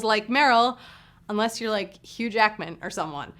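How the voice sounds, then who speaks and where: A woman's voice: medium pitch, expressive, moderate pace, fairly bright tone. A woman hosting a live trivia game show, reading questions with playful, teasing, chatty asides.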